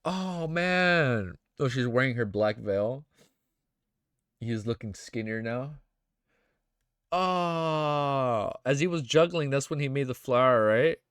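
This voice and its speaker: A young man streaming, reacting emotionally and excitedly to fan art in casual chat, swearing often and calling viewers dude and bro. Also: medium pitch, slow pace, smooth, no echo, clean studio sound.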